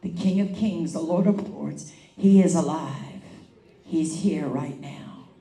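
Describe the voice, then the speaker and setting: A woman's voice: low-pitched, slow, creaky, dark tone. A woman evangelist preaching a charismatic sermon, moving between prophetic prayer and storytelling with fervent, rhythmic swells. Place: church meeting hall. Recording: echoey hall, voice from far off.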